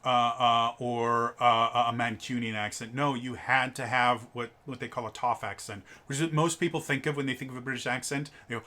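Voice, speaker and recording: A man's voice: mid-range voice, steady tone, brisk, few pauses, sharp tone. An American man reviewing a tabletop game in casual, rambling commentary, full of fillers and stammered restarts. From United States.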